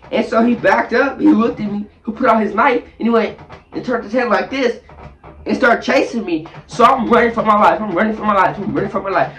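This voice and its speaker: A man's voice: high voice, brisk, fairly bright tone. A man vlogging a dramatic story from his bathroom, acting out scenes with sound effects and voices. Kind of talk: animated storytelling. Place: bathroom, sitting on the toilet.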